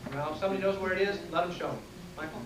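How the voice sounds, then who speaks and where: A man's voice: sits high, very fast. A man lectures to a class and answers its questions plainly and directly. He is taped from a distance in an echoey room, with a faint hiss behind him.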